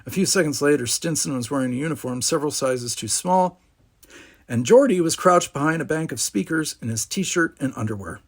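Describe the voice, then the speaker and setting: A man reads a storybook aloud in a husky voice. His delivery is animated and swings freely in pitch. He gives each character a voice of its own. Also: a little fast. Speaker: narrator.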